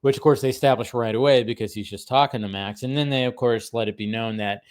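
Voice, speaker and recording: A man's voice: mid-range voice, fast. A man in his thirties, rambling casually as he recaps a cartoon episode, laughing often and restarting his sentences. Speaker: podcast co-host.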